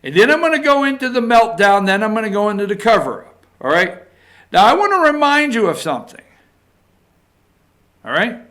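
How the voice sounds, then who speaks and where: Man, high voice, political opinion monologue, emphatic, repetitive, punchy. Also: big pitch swings, fairly quick, long pauses, bright, forceful tone. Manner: emphatic, repeats points, tags lines with "okay?". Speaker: political commentator.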